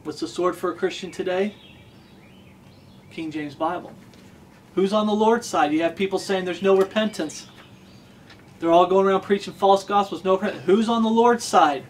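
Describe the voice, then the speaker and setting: Fervent high-voiced male preacher. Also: moderate pace, pauses often, a little hiss or hum. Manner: fervent, repeats questions for emphasis. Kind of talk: sermon.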